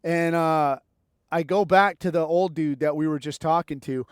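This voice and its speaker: A man's voice: a little high, fairly even intonation, moderate pace, clear, resonant tone, dry recording, studio quality. A man hosting a podcast, telling a war story in a rambling, profane, wry way. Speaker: podcast host. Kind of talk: casual storytelling monologue.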